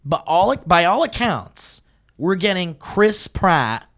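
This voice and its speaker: A man hosting a podcast in casual chat, animated and swearing freely in rapid bursts. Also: sits high. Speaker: podcast host.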